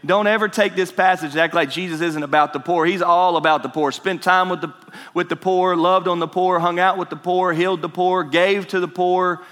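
A man's voice: high voice, steady tone, a little fast, a bit bright, big-room sound. A man preaching a conversational sermon as pastor, asking the congregation questions.

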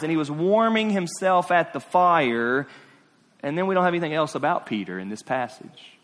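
A man preaching a sermon to his congregation as pastor. He repeats phrases for emphasis and asks them questions, swinging between hushed, drawn-out lines and rising, emphatic ones. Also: a little high. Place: church sanctuary. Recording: long reverb of a church hall.

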